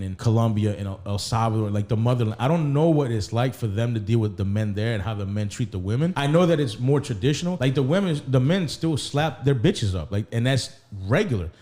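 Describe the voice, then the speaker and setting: Profane storytelling man, mellow voice. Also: mid-range voice. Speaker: podcast host. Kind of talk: casual chat, storytelling.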